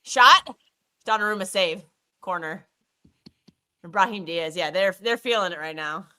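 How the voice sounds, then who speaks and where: A woman co-hosting a live football watchalong stream, excitable and swearing freely as she reacts to every play. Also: on the low side, a little slow, clean tone. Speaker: livestream co-host watching a football match. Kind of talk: live match watchalong commentary.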